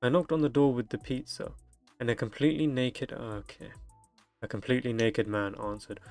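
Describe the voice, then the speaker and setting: Faint music plays behind a young male streamer as he reads delivery-driver stories found online, stopping for crude, humorous commentary. His voice is medium-pitched, steady, and darkish, at a normal pace.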